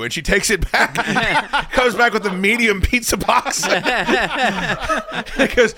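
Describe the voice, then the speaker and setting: A man's voice: high voice, animated, takes it slowly, bright, forceful tone, no echo. A man hosting a podcast, telling rambling, profane comic stories and acting out the voices of people in them. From Virginia. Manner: profane, rambling anecdotes with acted-out quotes. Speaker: podcast host. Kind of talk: casual comedic storytelling. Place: podcast studio.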